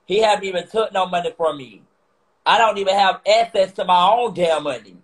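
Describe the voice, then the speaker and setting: A man's voice: high-pitched, rough recording. A man ranting to his viewers, upset and swearing, repeating himself. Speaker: vlogger on a live stream. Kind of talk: emotional rant to viewers.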